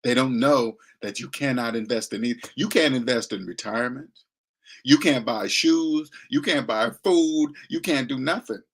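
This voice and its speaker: Dude ranting about money, slangy n blunt, kinda mocking, regular pitch. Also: male voice, moderate pace. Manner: blunt, lecturing, slangy, mocking voices he imitates. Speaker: finance commentator. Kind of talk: casual monologue.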